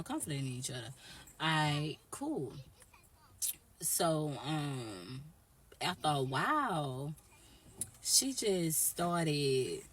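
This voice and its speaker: A young woman telling a storytime vlog, blunt, profane and animated. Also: low voice, a little hiss or hum. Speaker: YouTuber.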